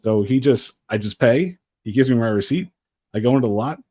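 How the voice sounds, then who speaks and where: A man co-hosting a podcast, telling a story casually in an animated, exasperated way. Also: medium pitch, brisk, husky, no echo, clean studio sound. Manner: animated, exasperated retelling with acted quotes. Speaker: podcast co-host.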